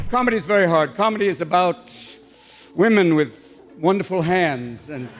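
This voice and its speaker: A man doing stand-up comedy, manic and rapid-fire, bursting into voices. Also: high-pitched, lively intonation, in a large hall, a little hiss or hum. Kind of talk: stand-up and talk-show comedy.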